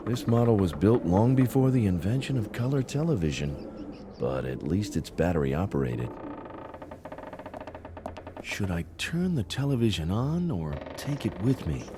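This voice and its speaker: A man's voice: fairly low pitch, sing-song, normal speed, background noise. An actor voicing a sardonic male adventurer in a video game, who speaks in dry, witty remarks. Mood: musing. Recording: game music behind the voice.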